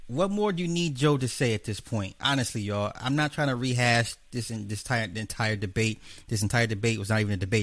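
A man's voice: mid-range voice, a bit bright, no echo. A man hosting a livestream, wrapping up a debate in a blunt, profane, rambling way. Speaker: host.

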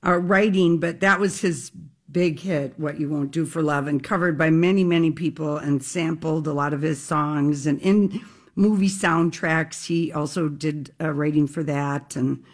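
A woman's voice: low voice, fairly even intonation, a little slow. A woman from the co-hosting a radio talk show, rambling casually with plenty of ums. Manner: rambling, with many ums and uhs. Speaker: radio co-host.

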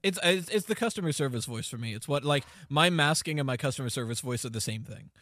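A man's voice: mid-range voice, lively intonation, fast talker, fairly bright tone, dry recording, clean studio sound. A man hosting a podcast, explaining things in a loose, rambling casual chat with lots of fillers. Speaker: podcast host.

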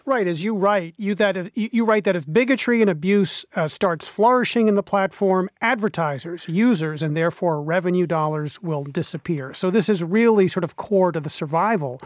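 A man's voice: sits high, moderate pace, few pauses, no echo, studio quality. A man hosting a radio interview, asking questions in a hesitant way with many fillers. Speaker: radio host.

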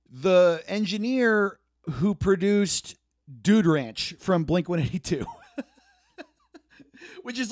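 Animated, profane male podcast host. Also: sits high, no room sound, clean studio sound. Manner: profane, animated, laughing asides. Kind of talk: comedic monologue.

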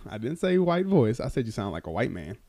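A man's voice: mid-range voice, brisk. A man hosting a casual podcast who teases his co-host, laughs often and tells stories loosely with many fillers. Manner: teasing, animated, laughs often.

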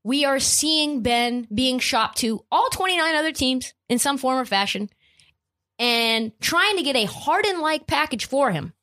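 A woman's voice: sits high, measured pace. A woman hosting a sports podcast, ranting casually and cursing freely. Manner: profane, animated ranting. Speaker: podcast host.

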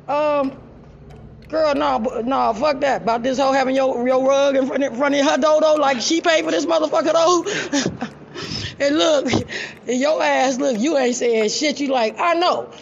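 In a dull lo-fi recording, a woman with a high, gravelly voice tells an audience a story at normal speed. She's casual, blunt, and profane, and laughs a lot.

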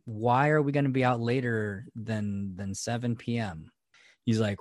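A man's voice: mid-range voice, moderate pace, no room sound, clean studio sound. A man co-hosting a casual chat podcast, laid-back, laughing often and swearing casually. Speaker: podcast co-host.

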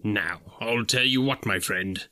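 A reformed old miser speaks low and hushed, as a storybook reader puts him on. His voice drops below the narration and turns quiet and slow. It has an average man's pitch at heart. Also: heavily acted. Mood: warm. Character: old miser man, newly kindly and playful.

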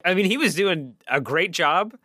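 A man's voice: high voice, animated, normal speed, sharp tone, no room sound, studio quality. A man co-hosting a casual movie review podcast, making wry, sarcastic asides. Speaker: podcast co-host.

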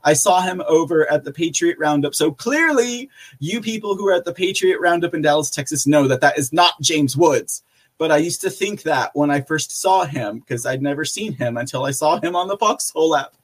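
A man's voice: on the high side, lively intonation, normal speed, husky. A man hosting a live podcast, reading out viewer chat in a casual, rambling way with lots of fillers and frequent laughter. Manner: chatty, rambling, laughs often, many fillers. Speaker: podcast host.

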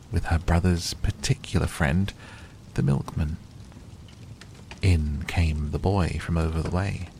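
Deep, slow, gravelly male narrator. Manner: soft, calm, gentle reading. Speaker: audiobook narrator. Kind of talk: soft bedtime audiobook narration. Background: faint crackling fire.

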